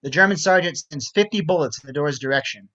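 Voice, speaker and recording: A man reading stage directions aloud in a steady, matter-of-fact way. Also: a little high, fast talker, lo-fi sound. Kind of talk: script reading narration.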